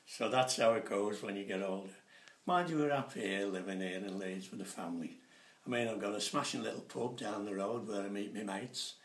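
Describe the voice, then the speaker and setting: A man, doing stand-up comedy in a chatty, animated way and putting on voices for his jokes. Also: fairly low pitch, fairly quick. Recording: roomy sound from a distant mic.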